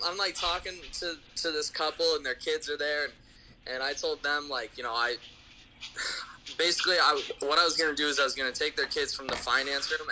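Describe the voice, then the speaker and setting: A man's voice: a little high, pushed and bright, a little hiss or hum, low-quality recording. A man, a podcast guest who sells cars, telling a rambling story in a laid-back, chuckling way. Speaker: podcast guest, car salesman. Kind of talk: casual storytelling.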